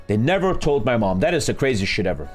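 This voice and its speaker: A man's voice: mid-range voice, fast talker, soft background music. A man, telling a story on a gaming live stream in a casual, profane way and acting out what others said. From Germany. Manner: animated, profane, retelling with acted-out quotes.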